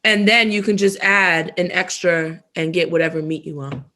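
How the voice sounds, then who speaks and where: A woman's voice: fairly low pitch, steady tone, moderate pace, sharp tone, slight background noise. A woman co-hosting a casual podcast while eating, chatty and laughing often as she shares tips. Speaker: podcast co-host.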